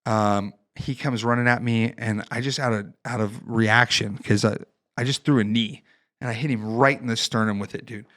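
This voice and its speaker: A Marine veteran and fighter from Ohio, in his thirties, guests on a podcast and tells war stories in a relaxed chat. He's profane and animated, acting out other people's voices, at medium pitch and normal speed.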